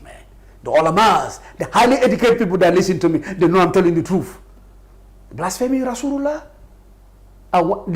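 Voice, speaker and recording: A middle-aged man from Gambia argues his case in a live interview. His voice is gravelly and his delivery emphatic and impassioned. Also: high-pitched. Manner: emphatic, passionate, laughs often. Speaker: party official as guest.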